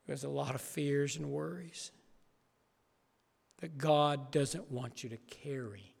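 A middle-aged man, a pastor preaching an emotional sermon that swings from quiet to raised. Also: mid-range voice, fairly even intonation, slow, gravelly, breathy edge, big-room sound.

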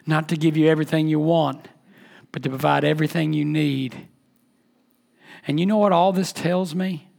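A man pastor preaching a sermon emphatically, his voice dropping to a hush and then rising again. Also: sits high, steady tone, normal speed, gravelly. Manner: emphatic preaching, swings between loud and hushed.

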